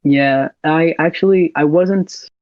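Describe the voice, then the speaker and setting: A laid-back young American man chats easily as a podcast guest, laughing now and then. His voice is on the high side and he takes his time, in dull, lo-fi, dry audio.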